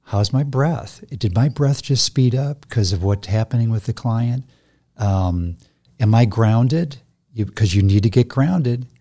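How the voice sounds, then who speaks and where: An older man with a gentle, reflective manner, explaining his therapy practice in a conversational interview. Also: mid-range voice, measured pace. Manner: gentle, reflective, restarts phrases. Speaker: guest, somatic therapist.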